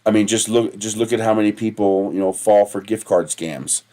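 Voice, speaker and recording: A man's voice: on the low side, moderate pace, warm tone. Rambling, swearing man on a livestream. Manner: digressive, profane, laughs at his own stories. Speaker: livestream host. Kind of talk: casual rambling livestream talk.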